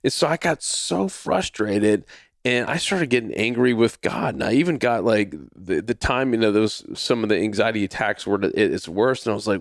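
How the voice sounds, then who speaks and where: Speaking at normal speed in a lowish, creaky voice, a man in his forties hosts a podcast with echo-free studio quality. He's a lively storyteller, moving from a personal story into a faith lesson while acting out quotes and repeating himself.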